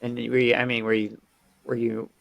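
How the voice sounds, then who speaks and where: Man, podcast host, casual interview, halting, lots of fillers, middle pitch. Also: monotone, gravelly, dull audio. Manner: halting, many fillers and restarts before questions.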